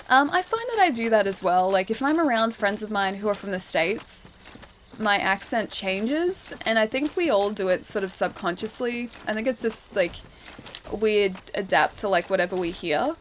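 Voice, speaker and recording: A woman's voice: mid-range voice, animated, moderate pace, slight background noise. An Australian woman streaming a game and chatting casually with viewers, laughing often and using lots of fillers. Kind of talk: casual gameplay stream chat. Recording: game music behind the voice.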